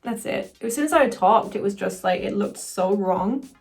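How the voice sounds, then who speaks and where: A woman chatting casually through a makeup tutorial, excitable and quick to swear. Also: medium pitch, creaky, faint music behind. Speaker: cosplayer doing a makeup tutorial.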